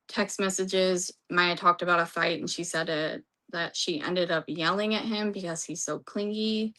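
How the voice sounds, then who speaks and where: Slow-talking woman recapping a trial. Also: fairly low pitch, fairly bright tone. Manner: rambling, restarts, reads from notes. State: losing her voice. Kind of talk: casual courtroom recap.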